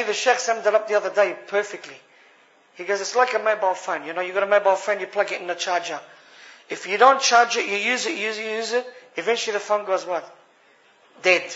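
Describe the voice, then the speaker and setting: A man's voice: sits high, fairly bright tone. A man with an Australian accent giving an earnest personal testimony to a gathering, addressing the listeners as brothers. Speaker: speaker sharing a personal story. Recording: dull lo-fi recording.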